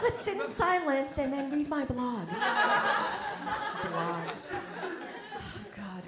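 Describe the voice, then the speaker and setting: A woman's voice: sits high, sing-song, takes it slowly. A woman performing a stand-up routine in a comedy club, with a wry, self-deprecating delivery. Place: comedy club in New York. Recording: roomy club recording with audience noise.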